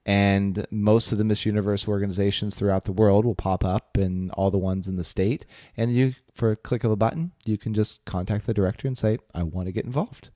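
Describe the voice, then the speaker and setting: Guy on a podcast, lowish voice, laid back and chatty, dry close sound. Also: brisk, few pauses, dry recording. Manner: relaxed, chatty storytelling with fillers. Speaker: podcast co-host. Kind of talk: casual podcast chat.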